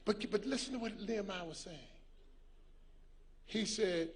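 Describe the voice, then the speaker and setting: High-voiced American man preaching. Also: moderate pace, long pauses. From United States. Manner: emphatic, repeats words when starting sentences. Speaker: guest speaker. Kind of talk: preaching address. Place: large hall at a public prayer event.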